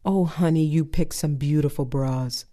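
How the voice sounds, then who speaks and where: A woman's voice: sits low, moderate pace, dark tone, close to an everyday voice. A woman voicing an overeager older saleswoman in a spoken-word poem. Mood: sugary.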